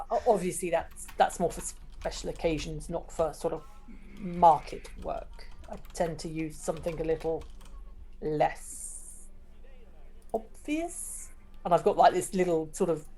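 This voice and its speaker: A sheepish, flustered former clerk stammers and hesitates over every phrase, as a woman puts the character on. The voice is dark and mellow, close to her own talk. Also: fairly low pitch.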